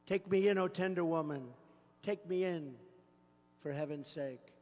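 Sly ungrateful snake read by a man, high voice, slow, pleading, recited poem, echoing rally hall. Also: darkish tone, natural voice. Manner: pleading then sneering, repetitive. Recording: long reverb of a large rally hall.

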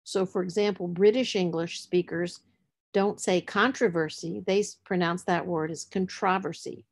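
Woman literacy instructor, lower voice, patient explanatory lecture delivery. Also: fairly even intonation, normal speed, a little mellow. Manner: explanatory, spells out letters, stresses words for emphasis. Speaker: literacy teacher. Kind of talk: presenting a lecture on word structure.

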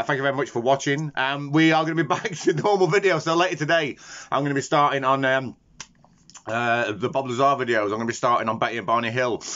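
A man's voice: medium pitch, fairly bright tone. A man rambles to camera in a casual vlog, laughing and swearing freely. His voice sits in a middle register, and the sound is muffled and lo-fi. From Yorkshire. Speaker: vlogger.

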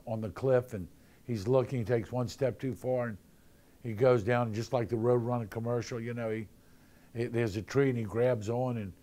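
A man's voice: medium pitch, mellow. Man preaching in a chatty way. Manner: conversational, jokey storytelling with acted-out voices. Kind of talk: sermon.

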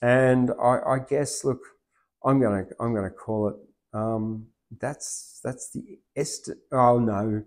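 A man's voice: medium pitch, fairly even intonation, slow pace. Rambling Australian man reciting poems. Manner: loose and rambling, with many fillers, swinging into loud rhythmic recitation. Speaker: poetry open mic host. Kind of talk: reciting rhyming poetry and rambling chat.

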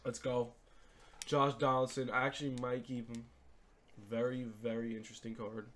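A young man giving gaming commentary as he opens card packs, swinging between hyped shouts and deflated mumbling. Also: medium pitch, fairly even intonation, normal speed. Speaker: gaming YouTuber. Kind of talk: pack-opening commentary.

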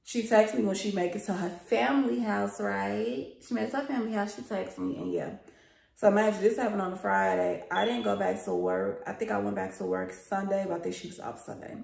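Young woman, storytime vlog, gravelly fry, roomy echo, casual and profane. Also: medium pitch, brisk, darkish tone. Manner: chatty and profane, addresses viewers as y'all. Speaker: vlogger telling a story.

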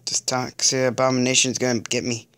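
A man giving let's-play commentary, exasperated and stammering, often pleading out loud with the game. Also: mid-range voice, flat delivery, fairly quick, smooth. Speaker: gaming video creator.

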